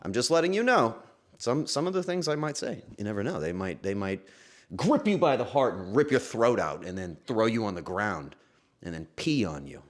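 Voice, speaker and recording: A man streaming casually from home, talking to his chat in an emotional, halting way and breaking into sudden excited outbursts. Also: on the low side. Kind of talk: casual livestream chat to viewers.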